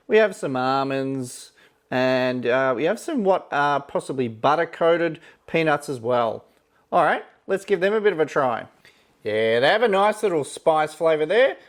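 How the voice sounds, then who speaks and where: Laid-back man reviewing food. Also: a little high. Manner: relaxed, thinks aloud with fillers and "yeah, look". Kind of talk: casual taste-test commentary.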